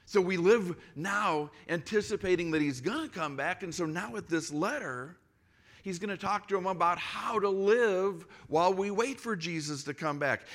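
Мужчина-пастор лет сорока читает проповедь в разговорной манере, голос довольно высокий и звонкий. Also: male voice, on the high side, a bit bright. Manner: conversational storytelling, frequent restarts. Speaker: pastor. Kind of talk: sermon.

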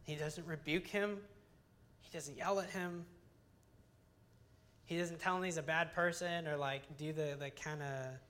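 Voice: medium pitch, fairly even intonation, measured pace, pauses often, fairly bright tone. A young adult Bible teacher giving a conversational sermon, earnest and chatty, often restarting phrases and using fillers.

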